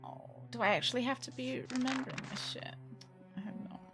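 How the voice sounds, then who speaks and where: A woman's voice: high-pitched, steady tone, fairly quick, music in the background. A woman streamer reading game text aloud, stumbling and correcting herself as she goes, with casual asides. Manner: chatty, stumbles and corrects herself mid-sentence.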